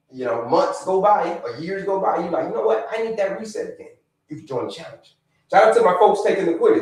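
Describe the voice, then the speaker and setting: A man hosting a live health stream, talking with viewers in an energetic, repetitive way and giving them shout-outs. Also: on the high side, far from the mic. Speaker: livestream host, health coach. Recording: echoey room, away from the mic.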